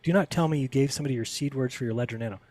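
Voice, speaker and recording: Fast-talking man telling a story. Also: medium pitch. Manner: animated, acts out quoted people with raised voice. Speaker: podcast guest. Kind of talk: casual storytelling interview.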